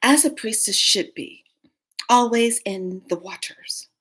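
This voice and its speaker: A woman in her fifties voicing a proud female dragon spirit who speaks slowly and calmly. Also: on the high side, husky, heavily acted. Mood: stately.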